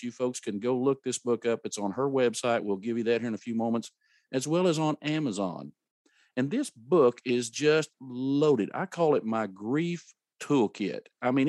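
A man's voice: mid-range voice, dry recording. A man in his fifties from rural America hosts an interview and tells a family story in an earnest, folksy way. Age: 50s. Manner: earnest, folksy, animated when telling a story. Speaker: podcast host.

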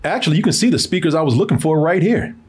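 A male host with a slightly high voice who slides from banter into a sponsor read, talking easily and directly to viewers. He chuckles often and keeps his tone loose and friendly. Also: rapid-fire, breathy edge. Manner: relaxed, chuckling, talks straight to viewers. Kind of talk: casual chat and sponsor read.

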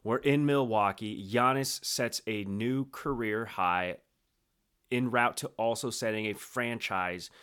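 A man's voice: on the low side, slow pace, smooth. A man co-hosting a podcast, recapping a story in a playful, dramatic way. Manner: playful, dramatic recapping with sudden loud bursts. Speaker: podcast co-host. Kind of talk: casual chat.

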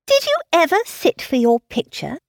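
Eine Frau spricht eine lebhafte junge Dame. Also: female voice, high voice, big pitch swings, normal speed, creaky, dry recording, studio quality, voice pushed up, full character voice. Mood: gracious. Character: lively, self-assured young lady matchmaker. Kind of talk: audiobook character reading.

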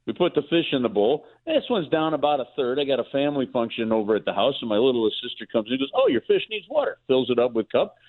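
A man talks by phone as a radio guest, chatty and animated, often repeating his words as he goes. The line is tinny and narrow, like a phone call. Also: mid-range voice, quick pace, few pauses. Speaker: team play-by-play broadcaster, guest. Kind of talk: casual phone-in chat, storytelling.

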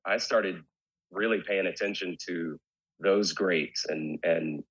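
A man's voice: low voice, slow pace, a bit bright, husky, lo-fi sound. A man as a guest in a casual interview, talking candidly and rambling with many restarts. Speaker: guest, rock singer.

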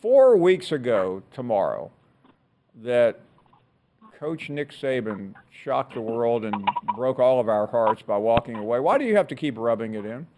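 A man's voice: medium pitch, big pitch swings, unhurried, warm tone, slight background noise. A male radio host chatting with a caller, needling him with dry humor. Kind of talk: casual call-in banter.

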